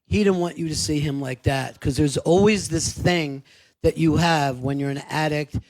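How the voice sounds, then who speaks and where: A man's voice: on the high side, normal speed, darkish tone. A man hosting a podcast, offering earnest, reflective thoughts and swearing casually in candid conversation.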